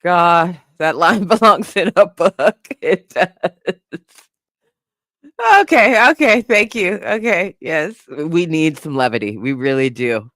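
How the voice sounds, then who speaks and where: A woman's voice: fairly low pitch, slow, no room sound, studio quality. A woman hosting a casual commentary stream, reading chat comments and laughing often as she reacts. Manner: laughing often, animated, lively. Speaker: host.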